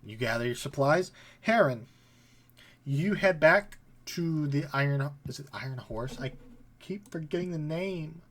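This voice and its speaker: A man's voice: on the high side, lively intonation, measured pace, fairly bright tone. A man narrating as game master of a tabletop game, casual and often laughing. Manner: casual, laughing, voices figures briefly.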